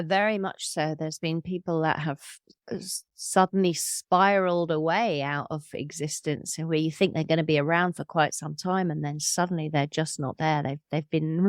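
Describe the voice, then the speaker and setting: Woman in her fifties, gravelly voice, dry close recording, reflective interview guest. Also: on the low side, no echo. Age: 50s. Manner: earnest, reflective, with small laughs. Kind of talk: reflective conversational storytelling.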